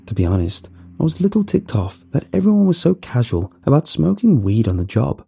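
A man's voice: medium pitch, sing-song, brisk, vocal fry, mellow, husky. A man narrating a first-person horror story in a wry, nervous storytelling manner.

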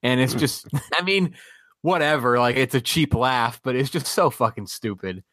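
A man's voice: mid-range voice, lively intonation, normal speed, fairly bright tone, dry recording. Rambling man in dry-sounding movie chat. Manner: rambling, hesitant, swears casually. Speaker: podcast co-host.

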